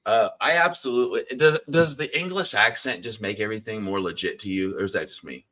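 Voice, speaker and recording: Man, low voice, easygoing, laughs a lot, casual live-stream chat. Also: brisk, bright, forceful tone.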